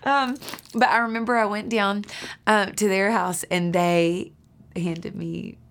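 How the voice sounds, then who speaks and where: A woman guest sharing heartfelt stories in casual conversation, earnest, sometimes dropping to a soft whisper for emphasis. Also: mid-range voice, slow, vocal fry. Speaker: podcast guest.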